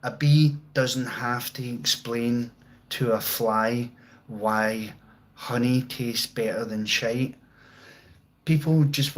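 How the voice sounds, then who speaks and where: Laid-back, slow-talking Glaswegian man. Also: mid-range voice, rough recording. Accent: Glaswegian Scottish. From Scotland, outskirts of Glasgow. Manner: rambling, sweary, jokey, laid-back. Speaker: livestreamer. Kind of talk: casual live-stream chat reading comments. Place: at home with guitar and amp.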